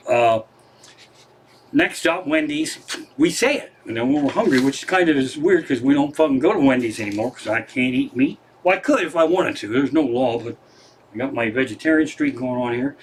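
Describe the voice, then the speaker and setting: Husky, higher-voiced man telling rambling stories. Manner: profane, rambling retelling of scenes. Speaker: comedian. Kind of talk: casual stand-up storytelling on a livestream. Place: living room at home.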